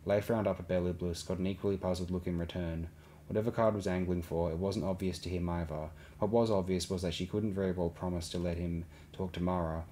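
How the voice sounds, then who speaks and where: A man reads an audiobook aloud in a deep, low voice. His narration is steady and even, with a faint hiss in the background. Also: brisk. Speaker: audiobook reader.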